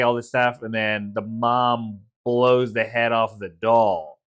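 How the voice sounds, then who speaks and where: A man's voice: mid-range voice, steady tone, slow, a bit bright. A man co-hosting a casual movie review, retelling scenes with quoted lines and frequent swearing. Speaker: podcast co-host.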